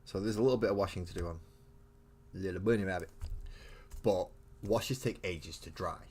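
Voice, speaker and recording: A man's voice: sits low, moderate pace, darkish tone, husky. A man hosting a live miniature-painting stream, chatting casually and thinking aloud with frequent restarts, in a home hobby room.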